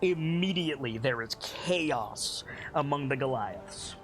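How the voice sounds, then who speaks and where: A man's voice: mid-range voice, expressive, slow pace, fairly bright tone, faint music behind. Casual man narrating as game master. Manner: casual, with many fillers.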